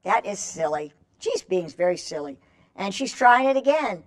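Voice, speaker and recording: A woman's voice: mid-range voice, very animated, unhurried. A woman reading a picture book aloud to children, coaxing them to join in with stretches and animal calls. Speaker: children's storyteller.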